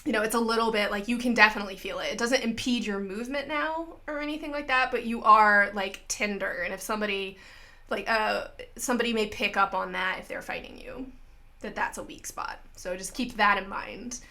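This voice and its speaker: A woman's voice: mid-range voice, brisk. A woman narrating as game master of a tabletop game, with lots of "like" fillers. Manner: lively, frequent filler "like".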